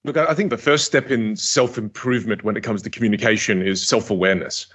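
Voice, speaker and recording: A man gives communication coaching during a podcast interview, talking fast in a voice on the low side. He's energetic and emphatic, stressing his points by repeating words.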